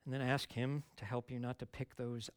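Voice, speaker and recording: Brief: middle-aged male pastor, plain mid-pitched voice, casual earnest preaching, close dry sound. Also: level tone, moderate pace, no room sound. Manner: conversational, earnest, rising to emphatic stresses. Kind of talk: sermon.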